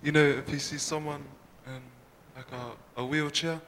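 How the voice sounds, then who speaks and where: A man with a mid-pitched voice asks a question from the congregation, halting and searching for words. He sounds far from the mic in a hall with long reverb and faint background noise. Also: steady tone, a bit bright. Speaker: church member asking a question.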